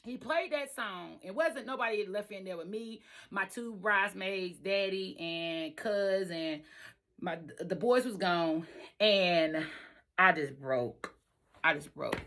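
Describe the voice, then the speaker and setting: A woman's voice: mid-range voice, slow pace. A woman telling her own true story in an emphatic way, speaking straight to her listeners. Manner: emphatic, talks straight to the audience. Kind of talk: personal storytelling vlog.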